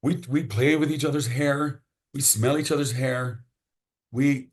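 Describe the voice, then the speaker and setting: A man's voice: medium pitch, fairly even intonation, unhurried. A man, a podcast guest, chatting casually and enthusiastically, often restarting his sentences. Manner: enthusiastic, rambling, repeats words when starting sentences.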